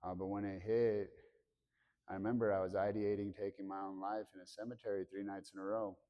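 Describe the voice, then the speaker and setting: A man in his thirties speaking candidly to students about his life, halting and full of restarts, acting out remembered conversations. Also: on the low side, level tone, dull audio. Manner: acts out remembered dialogue with raised voice. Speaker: motivational speaker. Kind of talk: personal story told to a student audience. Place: school hall.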